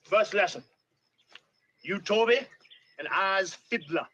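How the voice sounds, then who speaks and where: An older enslaved fiddler, high bright voice. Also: male voice, takes it slowly, a little hiss or hum, exaggerated voice. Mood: scolding. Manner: thick rural Southern period dialect, deferential to master. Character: older enslaved male fiddler, eager to please, wary. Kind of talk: film drama acting.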